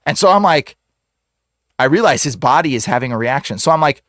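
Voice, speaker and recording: A man who is a guest on the show, telling a story in a casual, slangy way full of "like" and "bro", animated and acting out the voices in it. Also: on the high side, fairly quick, dry recording, clean studio sound. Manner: slangy, fills speech with "like" and "bro". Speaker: exorcist guest.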